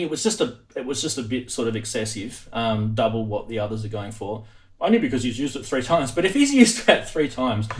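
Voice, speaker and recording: A man hosting a live stream, chatting casually, animated and laughing often. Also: medium pitch.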